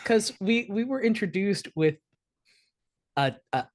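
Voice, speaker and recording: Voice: medium pitch, lively intonation, measured pace. A player at a tabletop game, eager and joking as they plan a scene.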